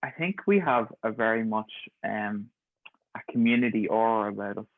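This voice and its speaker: A man's voice: fairly low pitch, moderate pace, no room sound. An Irish man guesting on a podcast, agreeable and chatty, with frequent "um" and "yeah". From Ireland. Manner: agreeable, many "um" and "yeah" interjections. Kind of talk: casual interview chat. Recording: tinny phone-like call audio.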